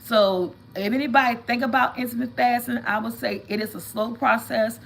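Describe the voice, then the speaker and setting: A woman chatting casually with viewers on a livestream, telling animated stories and calling them y'all. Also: fairly high pitch, fairly quick, vocal fry, rough recording. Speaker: vlog host.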